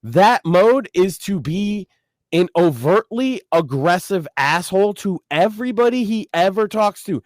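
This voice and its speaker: Guy on a podcast ranting hard, cussing a lot, kinda higher voice, dry close sound. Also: animated, measured pace, darkish tone, no echo. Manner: ranting, emphatic, swearing. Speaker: podcast co-host. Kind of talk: casual chat.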